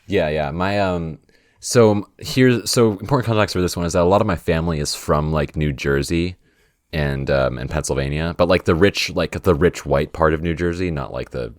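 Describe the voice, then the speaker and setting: A man's voice: low-pitched, normal speed, no echo, studio quality. A young man hosting a podcast, chatting casually with many fillers and restarts while trying out accent impressions. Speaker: podcast host.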